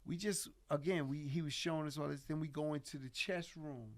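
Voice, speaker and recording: A man telling an animated story as a podcast guest, laughing often and acting out quotes. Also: fairly high pitch, brisk. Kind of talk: casual storytelling chat.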